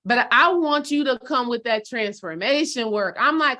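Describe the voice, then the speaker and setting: A woman's voice: on the high side, expressive, normal speed, hardly any pauses, bright, forceful tone. A woman spiritual coach giving a casual motivational talk to her followers, direct and preachy, calling them sis and baby.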